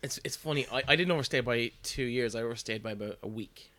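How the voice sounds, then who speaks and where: A man's voice: mid-range voice, fast talker, sharp tone. A man with an Irish accent hosting a casual interview, sharing laid-back anecdotes. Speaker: podcast host.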